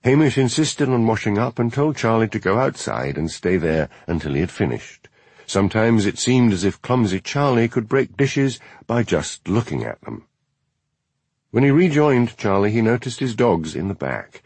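Male audiobook narrator, low husky voice, expressive pitch, dry close recording. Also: no echo. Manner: measured storytelling, voices each character. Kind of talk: scripted narration.

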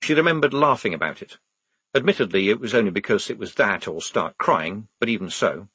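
A man's voice: lowish voice, animated, a little fast, bright, forceful tone, husky, no room sound. A man reading a comic novel aloud with dry, wry delivery on a close studio mic. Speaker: narrator. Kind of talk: audiobook narration.

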